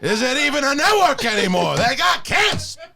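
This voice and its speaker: A man doing a comic impression of an indignant older male movie star who rants and shouts. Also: very high-pitched, big pitch swings, fairly quick, creaky, voice pushed up, exaggerated voice. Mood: outraged.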